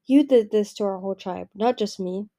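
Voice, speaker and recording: A woman's voice: medium pitch, normal speed, mellow, close to an everyday voice. A woman voicing a lonely, grieving male dragon who pleads and turns bitter, in an audiobook reading. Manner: pleading, raised and emotional.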